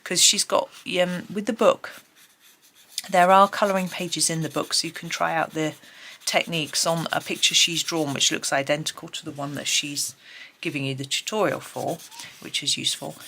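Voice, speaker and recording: A middle-aged woman hosts a colouring tutorial from her desk at home, chatting casually and rambling with many ums as she colours. Her low voice is a bit bright, with fairly even intonation, normal speed and a little hiss or hum.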